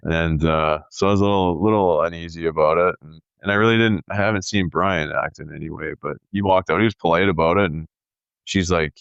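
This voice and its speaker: A man in his thirties telling a story in casual podcast chat, animated and peppered with "dude" and "like". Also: low-pitched, brisk, gravelly, clean tone, dry recording, muffled recording. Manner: animated storyteller, says "dude" and "like", acts out quoted voices. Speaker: podcast co-host.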